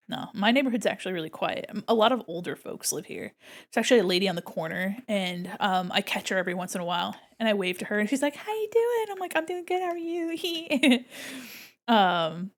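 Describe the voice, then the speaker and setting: A woman's voice: medium pitch, a bit bright. A woman streaming as she paints digital art, chatting casually with viewers in a bubbly, rambling way with frequent giggles. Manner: chats with viewers, thinks aloud. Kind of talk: casual live-stream chat while drawing.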